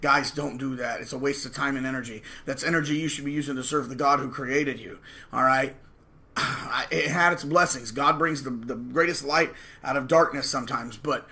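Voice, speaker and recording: A man's voice: fairly high pitch, pushed and bright. A man hosting his channel, talking to camera in a combative, preachy and emphatic way. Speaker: channel host. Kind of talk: casual monologue to camera.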